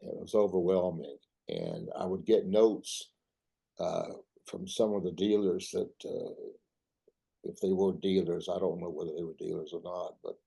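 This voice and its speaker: An older man giving a talk, reminiscing in a halting way full of restarts. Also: deep voice, expressive, gravelly, warm tone, husky. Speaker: artist giving a club talk.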